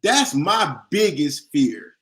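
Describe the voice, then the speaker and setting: A man's voice: fairly high pitch, big pitch swings, takes it slowly, bright, forceful tone. A man co-hosting a casual podcast, telling stories emphatically and slipping into mock quotes. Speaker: podcast co-host.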